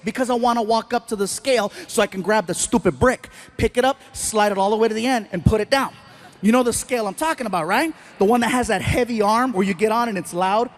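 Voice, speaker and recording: A man telling a self-mocking story in a stand-up set, animated and acting out the people in it. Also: high-pitched, fast talker, slight background noise. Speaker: stand-up comedian.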